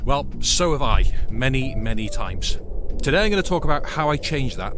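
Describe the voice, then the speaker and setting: A man's voice: mid-range voice, big pitch swings, normal speed, over music. A man from Wales talking to camera outdoors as a photography vlogger, chatty and self-deprecating, thinking aloud about his shots. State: out of breath while climbing. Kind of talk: casual vlog talk to camera. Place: outdoors on a windy Welsh hillside. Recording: wind and loud outdoor noise on the mic.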